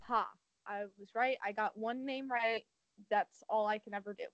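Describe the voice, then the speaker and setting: A woman with a high, bright-toned voice retells a movie plot in a loose, rambling way, with sarcastic asides thrown in. Her voice sounds dry and close, and the recording is a bit muffled. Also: fairly even intonation, normal speed, no echo. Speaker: podcast co-host. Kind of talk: casual podcast chat.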